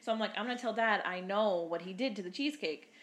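A young woman co-hosting a podcast tells a story in casual chat, talking fast in a medium-pitched, fairly bright voice. She swears freely and acts out quotes in a raised voice.

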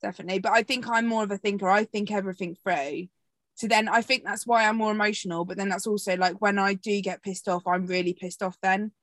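A woman's voice: mid-range voice, fairly even intonation, fast talker, dry recording. Chatty woman, dry sound. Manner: chatty, reflective, sweary. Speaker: podcast host. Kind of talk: casual chat.

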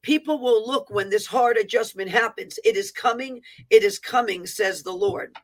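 A woman's voice: fairly high pitch, moderate pace. A woman reading a prophetic word aloud with fervent proclaiming, breaking off for plain asides about how the written text looks. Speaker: prophetic minister.

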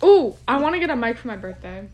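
Young female co-host, talkative and giggly, higher-pitched, casual home recording. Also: sing-song, fast talker, darkish tone. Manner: chatty, rambling, laughs often. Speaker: podcast co-host. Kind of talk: casual chat. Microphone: no microphone, phone or computer.

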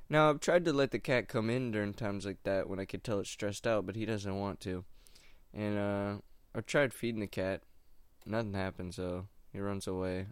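Laid-back young man, low voice. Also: smooth, dry recording, studio quality. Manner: laid-back, meandering, slangy. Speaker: stand-up comic doing open mics. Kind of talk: casual rambling monologue.

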